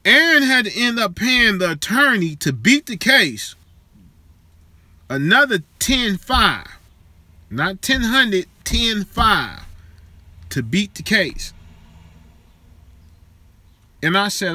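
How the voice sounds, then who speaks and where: A man's voice: high-pitched, very animated, slow, long pauses, pushed and bright, dry recording. A man hosting a live show, chatting casually and profanely with viewers in a streetwise way.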